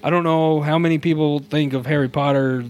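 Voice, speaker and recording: A man's voice: a little high, fairly even intonation, fairly quick, darkish tone, slight background noise. A man co-hosting a podcast in casual chat, upbeat and chatty, often laughing as he talks. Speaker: podcast co-host.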